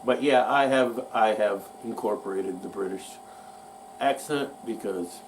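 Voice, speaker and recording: A man's voice: medium pitch, takes it slowly. A man hosting a show, talking about music history in a folksy, rambling way that pokes fun at himself. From United States. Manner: folksy, rambling, self-mocking. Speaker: podcast host. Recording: distant mic with faint mains hum.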